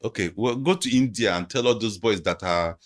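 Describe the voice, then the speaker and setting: A man's voice: fairly low pitch, a little fast. A man, speaking as a guest analyst in a podcast interview, talking emphatically and repeating points for stress.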